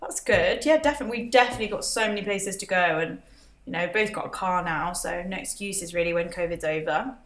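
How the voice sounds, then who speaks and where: A woman's voice: on the low side, fairly quick, a bit bright. A woman hosting a casual livestream, chatting, laughing often and reading out viewer comments. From Britain. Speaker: livestream host. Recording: roomy echo.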